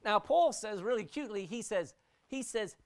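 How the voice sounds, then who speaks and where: A woman's voice: medium pitch, normal speed. A woman preaching a sermon, swinging her voice up and down for emphasis and often repeating words as she restarts. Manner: expressive, rising and dropping sharply for emphasis.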